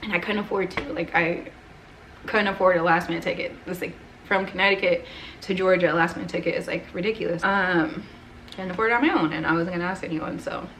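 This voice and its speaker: An American woman in her twenties vlogs from home, telling her camera a personal story in a rambling, casual way packed with "like" and "right?". Her voice is on the low side and fairly bright, steady in tone, and she talks fast; the camera mic picks up a little hiss or hum.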